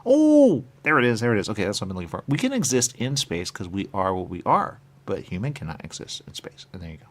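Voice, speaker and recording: A man hosting a radio show, talking in a rambling, repetitive monologue with muttered asides and sudden loud bursts. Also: low voice, very animated, fast talker. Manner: repetitive, playful, muttering asides, wide swings in loudness. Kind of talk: rambling stream-of-consciousness monologue.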